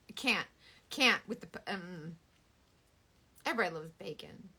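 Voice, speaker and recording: A woman's voice: lowish voice, moderate pace, long pauses, slightly rough. A woman in her thirties chatting casually and animatedly on a live beauty stream. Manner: animated, dramatic, Southern US sayings. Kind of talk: casual chat.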